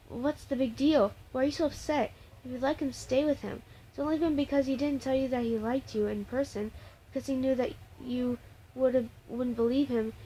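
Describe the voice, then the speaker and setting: Girl doing a pushy young guy friend, exasperated, lecturing, fairly high voice. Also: warm tone, slight background noise, close to an everyday voice, poor audio.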